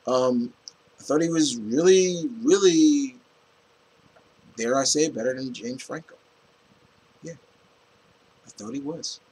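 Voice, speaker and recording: A man giving a casual, rambling movie review, animated and full of restarts and fillers. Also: medium pitch, takes it slowly, pauses often, husky, low-quality recording.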